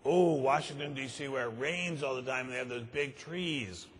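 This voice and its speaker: A man's voice: medium pitch, normal speed, a little hiss or hum, close to an everyday voice. Clueless young college girl, as a man quotes her. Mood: baffled. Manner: puzzled, asking innocent questions.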